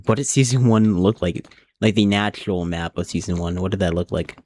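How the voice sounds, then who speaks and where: A man's voice: deep voice, brisk, a little mellow, slight background noise. A young man chatting casually on a live stream while he plays a game, thinking aloud and rambling from one thought to the next.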